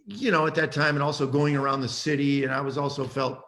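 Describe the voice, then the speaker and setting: A man's voice: on the high side, steady tone, fast talker, fairly bright tone. A man in his sixties, a guest saxophonist, telling stories in an interview and acting out the voices in them. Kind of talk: storytelling in an interview.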